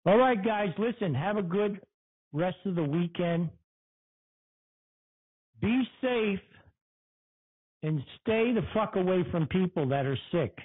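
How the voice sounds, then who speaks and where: A man's voice: high voice, lively intonation, slow pace, long pauses, slightly rough, no echo, narrow, tinny audio. A man hosting a casual podcast, angry and profane, mocking and swearing. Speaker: podcast host. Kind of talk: casual profane livestream rant.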